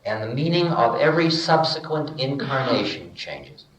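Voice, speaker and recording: A man's voice: medium pitch, normal speed. Older man giving a spiritual talk, echoey. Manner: relaxed storytelling, acting out dialogue with humor. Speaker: spiritual teacher. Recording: dull echoey archival lecture recording.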